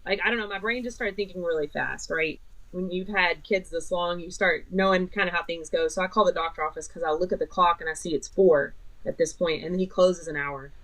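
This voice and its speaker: A woman's voice: fairly low pitch, steady tone, brisk, fairly bright tone, rough recording. A middle-aged woman vlogger telling a personal story in a rambling way, full of fillers and retold dialogue.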